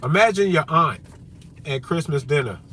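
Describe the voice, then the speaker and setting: Vlogger: man with a slightly high voice, combative and profane, faint vehicle hum behind. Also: expressive, normal speed, sharp tone. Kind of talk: profane ranting monologue.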